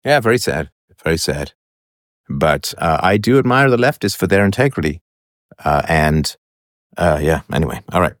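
A man's voice: low voice, animated, normal speed, no echo, studio quality. A man casually commenting on online videos, musing aloud with frequent fillers.

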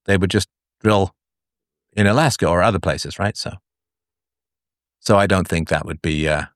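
Male host, live call-in show; blunt, crude, lowish voice, dry. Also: normal speed, no echo. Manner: blunt, crude asides, talks with big swings up and down.

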